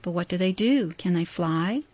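A woman's voice: lowish voice, expressive, normal speed, a little mellow, breathy edge. A woman voicing a wary young woman worker in a storybook reading, hesitant and questioning. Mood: uneasy. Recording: dull, dry lo-fi recording.

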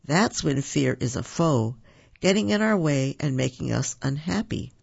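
A man voicing a calm, reassuring big-brother raccoon in a children's story. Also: a little high, measured pace, vocal fry, slightly rough, highs cut off, full character voice. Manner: reassuring and steady.

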